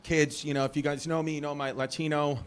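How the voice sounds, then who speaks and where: A man's voice: fairly high pitch, flat delivery, fast talker, a little hiss or hum. A man with a New York accent doing brash, teasing stand-up crowd work on a comedy club stage. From Brooklyn, New York. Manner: brash, teasing, rambling asides. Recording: live club recording with crowd laughter. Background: audience laughing.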